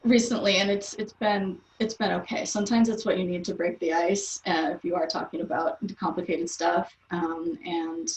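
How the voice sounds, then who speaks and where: A woman's voice: lowish voice, little pitch movement, moderate pace, hardly any pauses. A young adult woman chatting as an interview guest, laughing often and using lots of fillers. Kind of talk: casual interview chat. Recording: roomy, distant from the mic.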